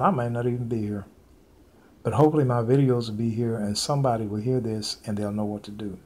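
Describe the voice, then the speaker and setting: A man speaking an informal sermon to camera, earnest and repetitive, with many pauses and fillers as he warns of coming events. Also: medium pitch, darkish tone, breathy edge. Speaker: preacher sharing prophetic visions.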